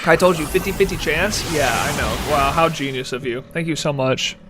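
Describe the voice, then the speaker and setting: A man's voice: on the high side, moderate pace, noisy background. A man in his twenties streaming a game live, chatting casually, giggling and answering chat aloud. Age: 20s. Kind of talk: casual gameplay commentary.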